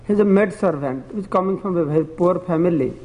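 A man with a high voice preaches a devotional sermon, telling parables in plain, broken phrasing and chuckling now and then. His words ring out with a long hall echo. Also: fast, a little mellow.

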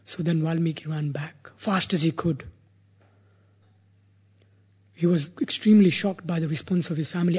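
A man's voice: fairly high pitch, brisk, few pauses, breathy edge. A man earnestly retelling a sacred epic as a sermon, acting out the characters' words. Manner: earnest, animated, voices the characters. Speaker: religious storyteller.

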